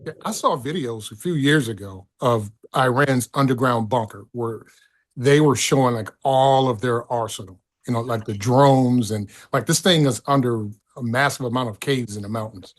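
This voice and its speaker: A middle-aged man talking as a podcast guest, excitable and profane, often stumbling over his words. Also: mid-range voice, normal speed. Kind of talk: casual political chat.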